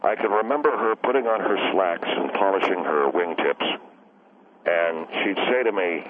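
A man calling in to a radio show, rambling and quick to take offense. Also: deep voice. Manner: rambling, touchy and defensive. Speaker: caller. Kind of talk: call-in radio chat. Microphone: telephone. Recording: tinny phone line, faint hiss.

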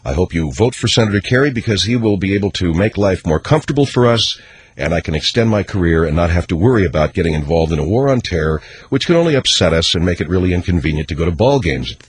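A man impersonating a smug, self-important male movie star in a comic radio bit, speaking in a low, pompous mumble. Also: lively intonation, fast. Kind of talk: comedic celebrity impression on radio.

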